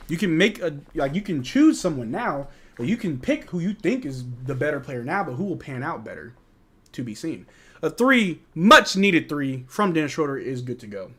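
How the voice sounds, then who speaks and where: A man's voice: a little high, big pitch swings, normal speed, bright, forceful tone. A young American man hosting a live game watch-along, reading out chat questions and reacting to plays as a frustrated fan in casual, slangy banter. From United States.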